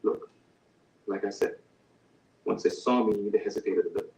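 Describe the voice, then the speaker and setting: A man's voice: fairly low pitch, steady tone, moderate pace, creaky, warm tone. An actor playing an ordinary man under interrogation who pleads and stammers to defend himself. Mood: pleading. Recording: roomy echo, distant mic.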